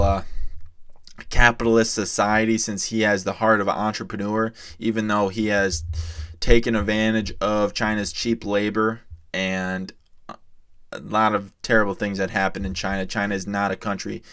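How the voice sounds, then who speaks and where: A man's voice: lowish voice, level tone, normal speed, a bit bright, clear, resonant tone. A young man from the United States giving casual crypto news commentary to his viewers, rambling and chatty. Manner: rambling and chatty, often addresses viewers as guys.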